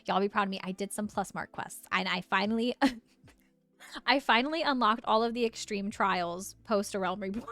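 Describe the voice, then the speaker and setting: A bubbly young woman chatting through a live game stream, giggling often and reading viewer messages aloud. Her voice sits at an ordinary pitch, with soft game music faint behind her. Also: normal speed, dry recording. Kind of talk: casual live-stream chat while gaming.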